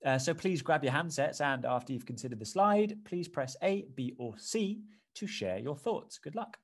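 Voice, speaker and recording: Husky man with a presenter's patter. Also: fairly high pitch, lively intonation, moderate pace. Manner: smooth corporate presenter patter. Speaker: stage actor performing a solo play. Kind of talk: theatrical monologue.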